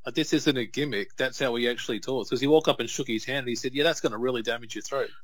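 A man's voice: medium pitch, a bit bright, dry recording. Man, dry close podcast sound. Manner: storytelling, quick laughs, acts out quotes. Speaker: podcast co-host. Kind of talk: casual watch-along commentary.

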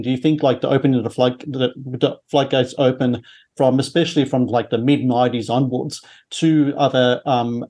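A man's voice: mid-range voice, warm tone. A man hosting a podcast, asking long, rambling questions full of restarts and fillers. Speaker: podcast host. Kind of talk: interview questions.

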